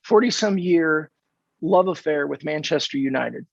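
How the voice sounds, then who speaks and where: In a casual interview, a Californian podcast guest in his fifties spins stories at an unhurried pace, his gravelly, husky voice sitting a bit high for a man. He acts out the dialogue with animated energy, and the remote-line audio is dull and dry.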